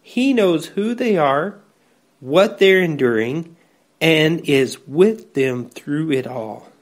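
A man delivering a slow, measured devotional sermon, reading scripture aloud. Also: on the high side, animated. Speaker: preacher.

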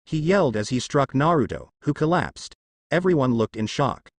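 Guy reading fan fiction out loud, animated pitch, dry sound. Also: moderate pace, no room sound. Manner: lively storybook narration. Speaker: narrator.

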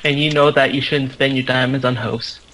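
Young male gamer, bright-voiced and dryly teasing. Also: medium pitch, steady tone, moderate pace, a little hiss or hum, low-quality recording. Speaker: gaming friend. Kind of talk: casual gaming chat.

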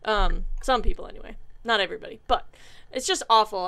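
A woman's voice: medium pitch, moderate pace, gravelly, smooth. A woman commenting on a dating game she is playing, bubbly and giggly, often flustered and stammering. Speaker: gaming channel host. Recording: loud keyboard typing and clicks.

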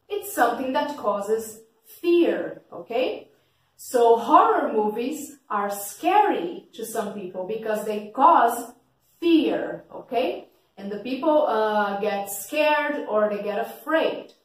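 A woman English teacher explaining vocabulary slowly and patiently, checking often with "okay?", in a fairly loud teaching voice. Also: a little high. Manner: describes her teaching voice as kind of loud. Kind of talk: slow vocabulary lesson for learners. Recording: very echoey room, voice from a distance.

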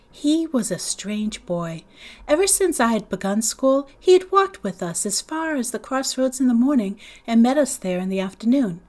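A woman reads a novel aloud in a storytelling manner. She is a teacher, and her voice sits at an ordinary middle pitch. She lifts and brightens her voice whenever the children speak. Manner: acts out the children's lines in higher, louder voices.

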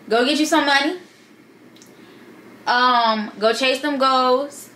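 Young woman vlogger, bright and a touch high, sassy and slangy, talks to camera. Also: fairly even intonation, unhurried, low-quality recording. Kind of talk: casual advice vlog.

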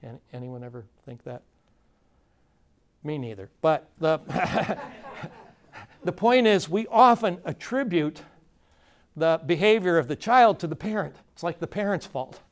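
A man's voice: on the high side, lively intonation, unhurried, long pauses. A man facilitating a conference workshop, talking informally to a live audience with plenty of fillers and restarts and questions thrown to the room. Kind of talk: conversational lecture to a live audience.

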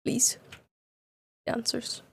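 This young woman's live gameplay commentary on a horror game is jumpy and heavily profane as she addresses her chat. She speaks at a slow pace over slight background noise.

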